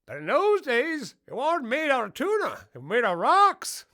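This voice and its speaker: A man voicing a cranky, shrieking old-timer in a cartoon sketch, yelling shrilly. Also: very high-pitched, huge pitch swings, moderate pace, heavily acted. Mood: rambling.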